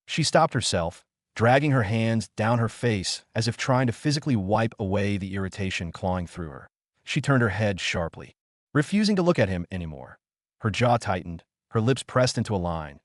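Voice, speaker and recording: A man narrating a fantasy story in a steady, even storytelling manner. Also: fairly low pitch, no room sound, studio quality. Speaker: audiobook narrator.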